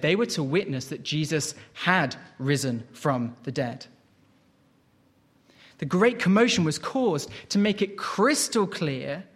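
A man preaching a sermon with a slightly high voice. He reads scripture aloud and explains it, often stopping to ask rhetorical questions, and he speaks with expressive emphasis.

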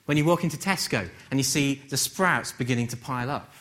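A man from England giving a conversational sermon, gently humorous and full of rhetorical questions. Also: medium pitch, a little fast. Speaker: preacher.

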